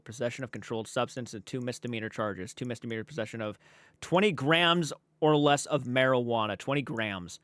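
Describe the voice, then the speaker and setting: A man's voice: medium pitch, a bit bright, dry recording. A man giving casual, blunt reaction commentary, exasperated and swearing freely.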